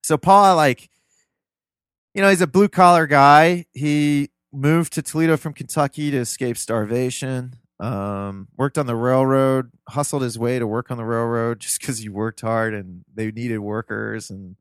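A man's voice: medium pitch, measured pace, smooth, dry recording, studio quality. A man from Ohio, a podcast guest, telling family stories in a loose, earnest, rambling way. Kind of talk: casual interview storytelling.

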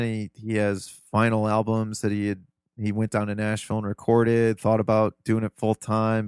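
A man's voice: on the low side, clear, resonant tone, dry recording, studio quality. A man from Ohio, a podcast guest, telling family stories in a loose, earnest, rambling way. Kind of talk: casual interview storytelling.

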